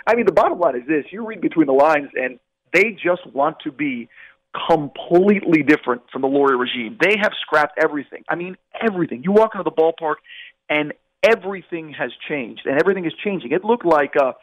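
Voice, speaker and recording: A man's voice: on the high side, animated, fairly quick, dry recording, low-quality recording. Emphatic sports reporter man, dry sound. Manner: emphatic, conversational, addresses the hosts as guys. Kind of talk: sports radio chat.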